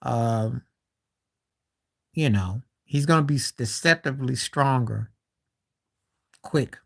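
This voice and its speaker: A man's voice: mid-range voice, slow pace, gravelly. A man hosting a live stream, talking basketball in a loose conversational way, trailing off and restarting, with incredulous asides. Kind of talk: casual basketball talk.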